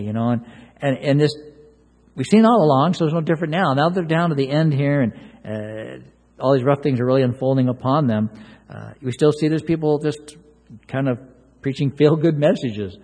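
A man's voice: mid-range voice, expressive, normal speed, a little mellow, husky, in a large hall. A man preaching a sermon verse by verse, earnest, often repeating words and acting out the pleas he quotes. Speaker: pastor.

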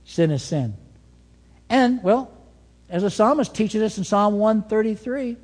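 A man preaching a sermon as pastor, telling stories with an animated delivery that swings between soft asides and emphatic points. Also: high-pitched, a little slow, long pauses, in a large hall.

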